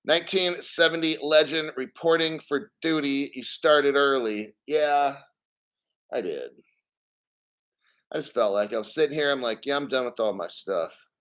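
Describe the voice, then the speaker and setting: A man's voice: medium pitch, measured pace, fairly bright tone. A man hosting a casual crypto livestream, rambling and swearing as he reads out viewer names and chat.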